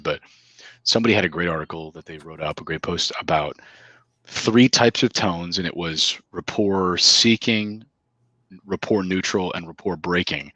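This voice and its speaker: A man with a very low, husky voice co-hosts a casual podcast, talking emphatically like a coach and dropping in asides. His tone has a bright, forceful edge, and the sound is dry and close. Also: dry recording, muffled recording. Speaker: co-host.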